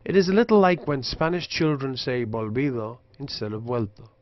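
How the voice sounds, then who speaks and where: A man narrating a linguistics lesson in a measured, scripted way, slowing down to demonstrate pronunciations. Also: mid-range voice, lively intonation, muffled recording. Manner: slow careful demonstrations of pronunciation. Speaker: lecturer.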